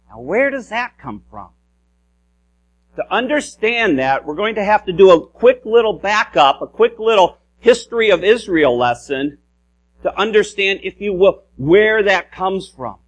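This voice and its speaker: A man's voice: sits high, animated, a little slow. A man preaching a sermon in an explanatory manner, often restarting phrases and adding "if you will".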